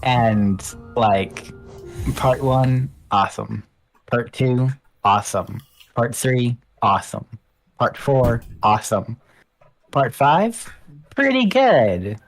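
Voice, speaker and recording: A man co-hosting a game stream, joking in a deadpan way with short, dry remarks. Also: medium pitch, slow pace, soft background music, low-quality recording. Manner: deadpan, drawls one-word jokes. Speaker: co-host. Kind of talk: casual game stream chat.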